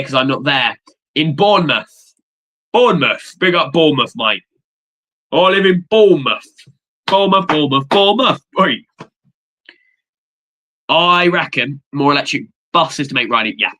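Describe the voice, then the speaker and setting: A young man hosting a livestream, rambling casually and excitably, swearing now and then. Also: medium pitch, rough recording. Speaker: livestream host. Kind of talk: casual watchalong chat.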